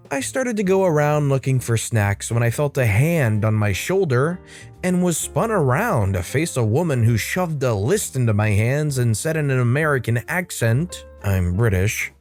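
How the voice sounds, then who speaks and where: A man reads stories aloud in an even, conversational way, at an average pitch. Between stories he drops into casual commentary. Faint background music plays beneath him. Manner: steady, conversational storytelling. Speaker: story channel narrator.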